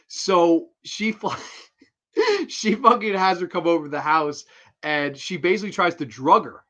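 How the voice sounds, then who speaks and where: A man hosting a horror film review show, excitable and profane, acting out quotes as he recaps. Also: a little high, normal speed. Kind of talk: casual film review monologue.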